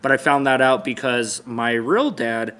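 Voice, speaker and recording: Speaking a little slowly in a mid-range, slightly bright voice, this boyfriend co-host poses questions on a vlog. The chat is casual yet serious, and he talks things through haltingly with many false starts.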